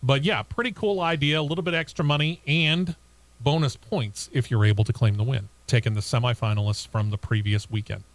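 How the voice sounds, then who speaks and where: Dry-voiced racing talk show host. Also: male voice, mid-range voice, fairly even intonation, brisk, no room sound. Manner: reads news items then chats and laughs with co-hosts. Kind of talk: radio talk show news segment.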